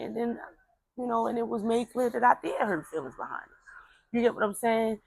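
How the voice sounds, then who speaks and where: A woman's voice: on the high side, moderate pace, creaky, husky, no room sound, rough recording. A woman speaking, telling a family story in casual talk, rambling with repeated words and fillers and acting out relatives' voices. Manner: acts out voices of relatives in quotes.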